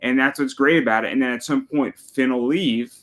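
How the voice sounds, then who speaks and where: A man in relaxed conversation with a middle-pitched voice. He walks through his reasoning step by step and agrees easily with the other speaker. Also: brisk. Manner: analytical, laid-back, agreeable. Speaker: podcast co-host. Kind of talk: casual wrestling chat.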